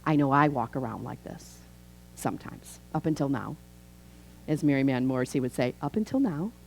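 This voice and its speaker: A woman's voice: a bass voice, moderate pace, vocal fry, slight background noise, poor audio. A woman in her fifties, a minister giving a chatty, conversational sermon, telling stories and acting out dialogue. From Chicago. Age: 50s. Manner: chatty storytelling, acts out dialogue.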